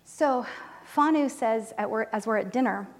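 A woman telling a mission story in a sermon, animated and emotional, dropping to near-whispers when moved. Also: on the high side, normal speed. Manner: animated storytelling, voices quoted people, drops to soft near-whispers; emotional, close to tears. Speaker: church speaker reporting on mission trip. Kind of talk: sermon testimony.

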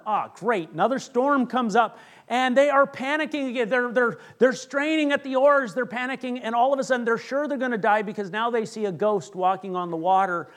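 A male pastor preaching a sermon, retelling Bible stories with lively acted-out voices. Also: high-pitched, brisk. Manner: animated storytelling, acts out Bible characters.

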